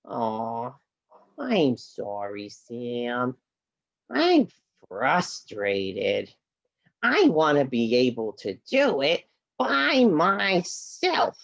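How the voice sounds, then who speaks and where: A woman's voice: a bass voice, wildly swooping pitch, gravelly, no echo, highs cut off, voice pushed down, exaggerated voice. A woman voicing a glum, frustrated male felt animal puppet who sighs and sulks, in a puppet show over a video call. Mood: dejected. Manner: mopey, sighing, slow and sulky.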